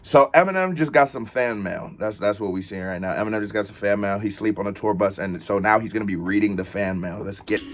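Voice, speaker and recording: A man hosting a casual reaction video, talking in an animated, joking and playful way. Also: lowish voice, fast talker, few pauses. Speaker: host reacting to a music video.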